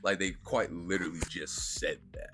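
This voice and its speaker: Deep-voiced slangy man reviewing a film. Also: moderate pace. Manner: slangy, profane, animated retelling. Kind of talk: casual spoken review.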